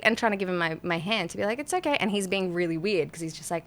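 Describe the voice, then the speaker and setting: A woman hosting a podcast, telling a story in casual chat with lots of laughter and animated reenactments. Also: fairly low pitch, fast, hardly any pauses. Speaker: podcast host.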